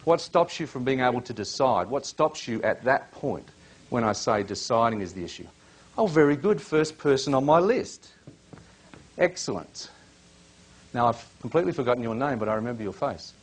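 A man's voice: medium pitch, lively intonation, moderate pace. Chatty male workshop presenter. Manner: chatty, questioning, joking. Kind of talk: live workshop coaching.

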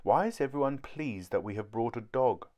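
A young boy with a teasing streak, voiced by a man reading aloud. His pitch rises just a little above his narration. It is a relaxed children's storybook voice. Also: moderate pace, close to an everyday voice. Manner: sleepy, teasing.

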